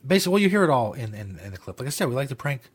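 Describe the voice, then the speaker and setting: Husky, rambling male talk host. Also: mid-range voice, big pitch swings, racing. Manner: rambling, profane, laughs at his own jokes. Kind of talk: casual comedic talk show. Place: studio.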